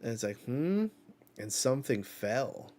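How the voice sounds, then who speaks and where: A man's voice: lowish voice, takes it slowly. A man hosting a live reaction, reading dialogue aloud and casually narrating what happens on each page. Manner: reads dialogue aloud and narrates panels in a chatty way. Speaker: channel host reacting to a manga chapter.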